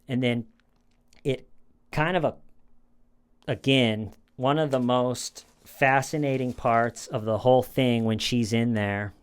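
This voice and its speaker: A man talking through a true crime case in a loose, conversational way, circling back over phrases and restarting sentences. His voice sits at an ordinary middle pitch and comes across smooth and resonant. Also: fairly even intonation, slow. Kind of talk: casual commentary retelling an interrogation.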